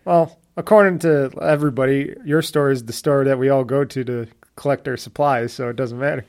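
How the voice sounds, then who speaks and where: A fast-food restaurant worker in casual chat, teasing and laughing often while chiming in. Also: mid-range voice, fairly even intonation, a little mellow.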